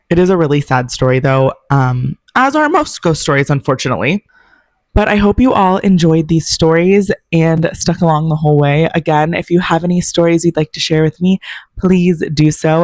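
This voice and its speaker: A woman's voice: low voice, a little mellow, dry recording. A woman hosting a podcast, reading listener ghost stories aloud and adding chatty, wry comments of her own. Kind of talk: narrating ghost stories with casual asides.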